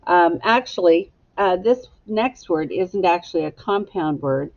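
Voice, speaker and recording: A woman teacher giving a slow, patient phonics lesson to young children and prompting them to echo words. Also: on the low side, lively intonation, dull audio.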